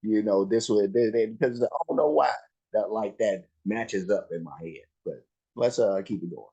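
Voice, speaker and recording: A man's voice: fairly low pitch, normal speed, warm tone, breathy edge, lo-fi sound. A man casually reacting to a live music video, talking in a laid-back way with lots of fillers and restarts.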